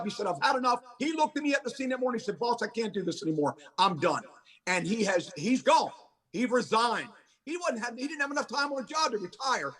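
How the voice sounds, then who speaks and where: A man, a county sheriff speaking forcefully as a podcast guest, repeating his points for emphasis. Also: high-pitched, distant mic. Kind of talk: podcast interview.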